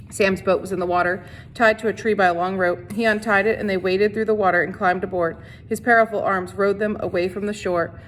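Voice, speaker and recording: A woman reading a novel aloud as a teacher, in a steady storytelling voice with small slips and restarts. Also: mid-range voice, slight background noise.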